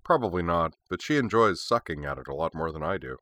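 A man's voice: sits low, lively intonation, fast talker, a bit bright, dry recording. A man voicing a laid-back young man with dry, understated humor.

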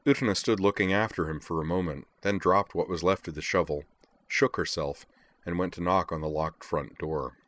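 Male audiobook narrator, deep voice, measured and even.

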